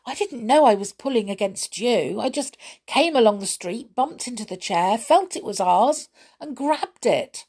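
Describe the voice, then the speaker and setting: A woman voicing an excitable small male brownie in a storybook, talking in a breathless, gushing way. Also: on the high side, unhurried, slightly rough, pitched above the performer's own voice, heavily acted. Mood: excited.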